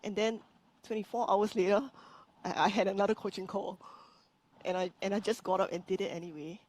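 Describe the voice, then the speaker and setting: A woman from Singapore, a business coach telling her story as a guest in a live-streamed interview, earnest and animated, often restarting her sentences. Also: medium pitch, a little fast.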